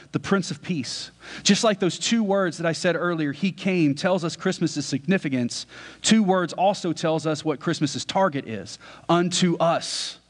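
A male pastor preaching a sermon with earnest conviction, now and then asking the congregation questions. His voice sits a little higher than most men's. It rings out with a long echo through a large hall.

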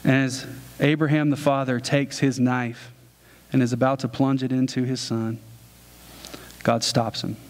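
A man's voice: mid-range voice, little pitch movement, a little slow, long pauses. Man preaching in a casual storytelling way. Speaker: pastor. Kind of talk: sermon.

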